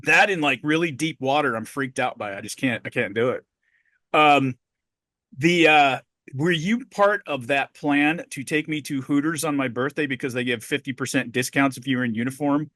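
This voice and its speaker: A middle-aged man co-hosting a podcast, telling a story in a profane, animated way. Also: medium pitch, normal speed, dry recording, studio quality. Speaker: podcast co-host. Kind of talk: casual podcast chat.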